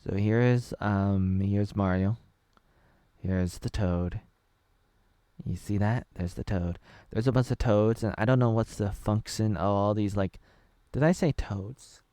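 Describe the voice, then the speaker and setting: A man in his thirties from Oregon muses his way through a casual reaction video, circling back and restarting as he thinks aloud. His voice sits fairly low and sounds close and dry. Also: unhurried, dark tone, smooth, no echo. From Oregon, USA. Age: 30s. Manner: rambling, thinking aloud with many fillers and restarts. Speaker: video creator reacting to a trailer.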